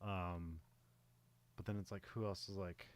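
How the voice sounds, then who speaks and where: A man's voice: low-pitched, fairly even intonation, a little slow, smooth, dry recording. A man co-hosting a casual movie podcast, talking in a loose, rambling way. He laughs often and fills his speech with "like" and "you know." His voice is recorded dry and close. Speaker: podcast co-host.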